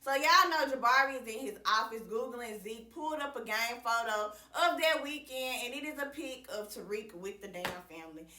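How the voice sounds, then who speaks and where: A woman's voice: fairly high pitch, animated, normal speed, few pauses, pushed and bright, reverberant, distant mic. A woman recapping a TV episode in casual, slangy chat, calling her viewers y'all and swearing freely. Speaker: TV recap reviewer.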